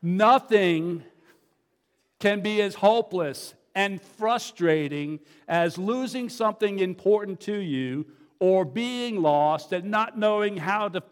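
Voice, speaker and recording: A middle-aged man preaching a sermon, telling stories in a folksy, conversational way with fillers and restarts. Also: high-pitched. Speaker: pastor. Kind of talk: sermon with storytelling. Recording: long reverb of a large hall.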